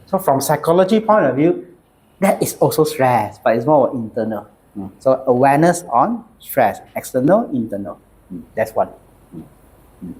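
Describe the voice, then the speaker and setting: Animated Malaysian man lecturing. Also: mid-range voice, normal speed. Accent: Malaysian English. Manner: animated, jokey, mixes in local slang. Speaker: psychiatrist giving a talk. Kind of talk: lively lecture with humor.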